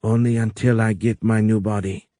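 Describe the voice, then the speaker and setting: A man voicing a calm, wise alien woman with a foreign accent, speaking slowly and explaining patiently in an audiobook. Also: on the low side, no echo, studio quality, close to an everyday voice. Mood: tender. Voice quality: foreign accent, soft raised voice. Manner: slow, measured, explanatory.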